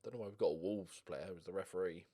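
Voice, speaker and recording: A man giving casual gaming commentary as a streamer, getting excited and swearing as he cheers on his team. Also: low voice, fast talker. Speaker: game streamer.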